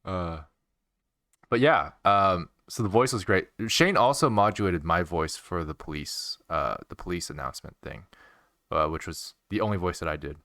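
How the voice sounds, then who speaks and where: A man's voice: sits low, moderate pace, a bit bright, dry recording, studio quality. A man with an American accent hosting a casual animation commentary stream, chatty and self-deprecating, laughing often.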